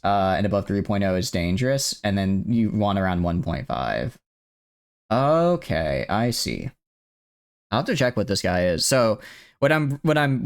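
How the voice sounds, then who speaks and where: A man's voice: lowish voice, smooth. A man streaming a video game in casual live commentary, thinking aloud and tripping over words as he restarts.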